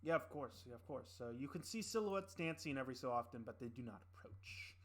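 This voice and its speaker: DM narrator, adult man, mid-range voice, halting delivery with fillers and restarts. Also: medium pitch, animated. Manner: hesitant, many fillers and restarts. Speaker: dungeon master. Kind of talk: improvised tabletop game narration.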